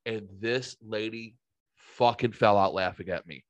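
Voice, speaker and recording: A man's voice: lowish voice, unhurried, dry recording, dull audio. A man hosting a show, telling rambling stories in casual chat with plenty of swearing. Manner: profane, rambling, animated storyteller.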